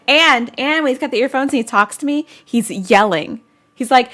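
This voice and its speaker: A woman with a slightly high voice chats casually on a live stream, giggling often as she answers viewer comments. Her talk is loose and rambling, full of little asides. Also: normal speed, bright, forceful tone. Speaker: vlogger hosting a live chat.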